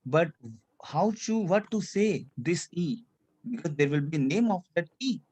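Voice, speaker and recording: A male French teacher with a slightly high, husky, somewhat mellow voice speaks a little slowly and expressively. Running a language class, he drills points repeatedly, has students repeat after him, and drops French checks like "c'est clair" into his English.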